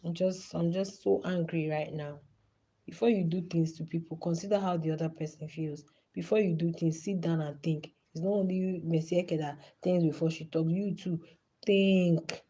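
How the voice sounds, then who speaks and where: A woman's voice: fairly low pitch, steady tone, moderate pace, dark tone, poor audio. A woman in her thirties with a Nigerian accent, hosting a live stream and giving passionate, pleading commentary. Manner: impassioned, pleading.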